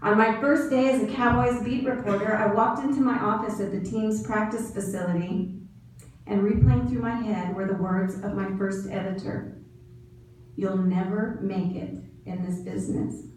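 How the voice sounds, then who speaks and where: A woman's voice: medium pitch, moderate pace. A middle-aged woman giving a commencement speech at a podium in a large hall, telling stories and acting out the lines of the people in them. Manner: storytelling with quoted dialogue. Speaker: graduation speaker. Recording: echoey hall from far off, faint noise.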